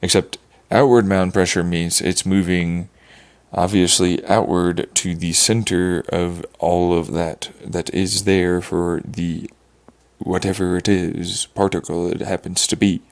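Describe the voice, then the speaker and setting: A man's voice: low voice, level tone, unhurried. A man streaming live, thinking aloud in a rambling, profane monologue and correcting himself as he goes.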